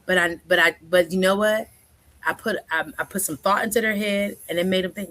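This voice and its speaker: A woman's voice: mid-range voice, fairly even intonation, a little fast, fairly bright tone. A woman in her forties, a counselor, talking as a guest in a casual, chatty way and often checking in with "right?". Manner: chatty, keeps asking "right?", acts out quoted speech. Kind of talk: casual conversational interview.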